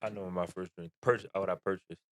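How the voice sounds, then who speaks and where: A man's voice: low voice, steady tone, brisk, dry recording. A man co-hosting a podcast in casual chat, laid-back and slangy, often chiming in with agreement. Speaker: podcast co-host.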